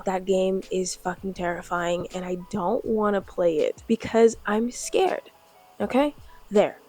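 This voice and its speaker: Chatty self-deprecating young woman vlogger. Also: mid-range voice. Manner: candid, self-deprecating, expressive with swearing and "like" fillers. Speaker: booktube vlogger. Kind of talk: casual chatty review vlog.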